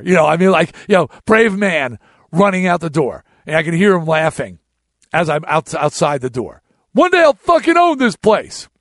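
A middle-aged man spins a casual story, blunt and profane, and often restarts his sentences. His voice sits a bit high and swoops up and down, and the sound is dry and close. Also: creaky, a bit bright, no room sound. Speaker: podcast host.

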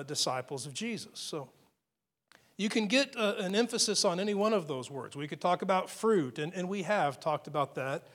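A man preaching a sermon as pastor, in a conversational way with frequent fillers and repeated phrases. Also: high-pitched.

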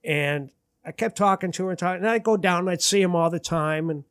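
A man's voice: high voice, a little fast, a bit bright, smooth, dry recording, studio quality. A man, a musician guest, telling rambling anecdotes in casual chat and acting out the quotes. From Detroit area. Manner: rambling anecdotes, acts out quotes, laughs at himself.

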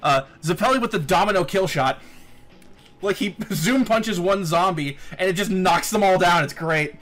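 A man hosting a podcast in casual chat, animated, laughing often and swearing casually. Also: high voice, normal speed, faint music behind. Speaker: podcast host. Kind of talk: casual chat recapping an anime.

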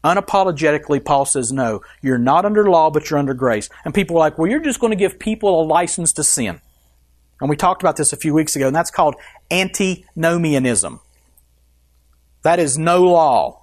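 A man's voice: fairly high pitch, expressive, brisk. A man preaching a sermon as pastor, emphatic and putting questions to the congregation.

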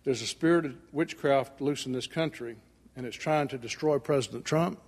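Husky man preaching in a folksy style. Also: mid-range voice, moderate pace. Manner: folksy storytelling, acting out dialogue. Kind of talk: sermon. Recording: echoey hall with long reverb.

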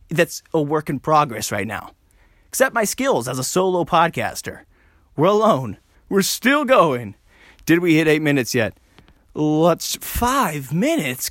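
Male podcast host, solo and self-mocking, fast and rambling, slightly high voice. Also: a bit bright, no room sound, clean studio sound. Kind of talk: casual solo podcast chat.

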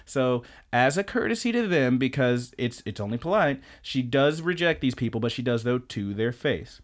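A young man co-hosting a podcast, recapping an anime in an animated, rambling and profane way. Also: mid-range voice, moderate pace. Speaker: podcast co-host. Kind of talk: casual anime recap chat.

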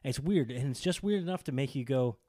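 A man co-hosting a podcast, chatting casually and enthusiastically about wrestling, rambling and getting animated. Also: mid-range voice, fairly quick, no room sound, studio quality. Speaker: podcast co-host.

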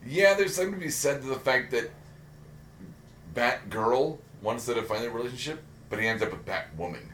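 A man's voice: medium pitch, lively intonation, fairly quick, a bit bright. Rambling, profane man in an echoey room. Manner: rambling, profane, self-mocking. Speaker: podcast co-host. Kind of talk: casual pop-culture chat. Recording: roomy echo with faint background hiss.

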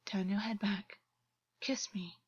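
Woman voicing a hushed, coaxing waterhorse man. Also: fairly even intonation, brisk, slightly rough, no room sound, lo-fi sound, natural voice. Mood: low coaxing. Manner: low, hushed, coaxing delivery. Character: sly coaxing male waterhorse lover.

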